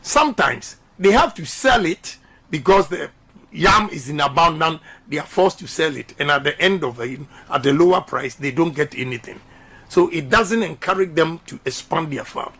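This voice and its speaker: A man's voice: a little high, expressive, moderate pace, a bit bright, breathy edge. A middle-aged man with a Ghanaian accent giving an impassioned radio interview as a politician, emphatic and repeating slogans. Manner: emphatic, repeats slogans, mixes English and Twi. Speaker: politician guest.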